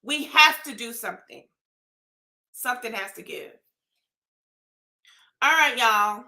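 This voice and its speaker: A woman delivers an emotional rant to camera, pleading and at times shouting. Her voice sits high and sounds bright and sharp. The room around her is echoey. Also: lively intonation, takes it slowly. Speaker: vlogger. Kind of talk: impassioned personal rant to camera.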